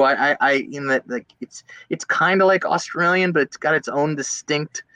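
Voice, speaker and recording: Young male actor from Virginia Beach, bright forward tone, loose and chatty, dry close sound. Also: fairly high pitch, moderate pace, few pauses, no room sound, poor audio. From Virginia Beach, USA. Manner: chatty, many fillers and restarts. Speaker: guest actor. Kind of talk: casual interview chat.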